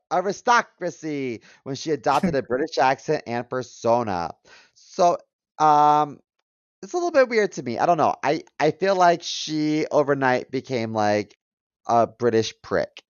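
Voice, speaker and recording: A man's voice: fairly high pitch, expressive, unhurried, clean tone, no room sound. A man in his thirties co-hosting a comedy podcast, chatty and joking as he runs through a list. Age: 30s. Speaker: podcast co-host. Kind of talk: casual comedic chat. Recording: dull dry mic sound.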